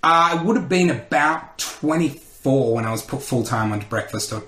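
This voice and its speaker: An animated Australian storyteller, a comedian and radio host appearing on a podcast, acts out quoted voices during a casual interview. He speaks at a normal speed with a medium pitch, in an echoey room.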